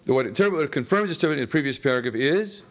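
A man's voice: medium pitch, lively intonation, racing. A man teaching a class through a text, constantly posing questions to the room and answering them himself, with jokey asides. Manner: jokey, chuckles at his own lines. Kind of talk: classroom text study lecture. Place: classroom with students.

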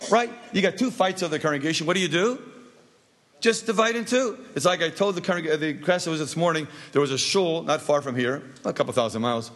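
Husky man telling a jokey teaching story. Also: fairly high pitch, a bit bright. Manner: asks the audience rhetorical questions; jokey, anecdotal. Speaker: rabbi teaching a class. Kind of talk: storytelling lesson.

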